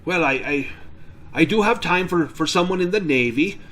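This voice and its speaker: A man's voice: sits high, expressive, moderate pace, fairly bright tone, voice pushed up. Farmer: weary older man, brusque, touchy, voiced by a man. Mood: apologetic. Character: gruff tired older male farmer, touchy.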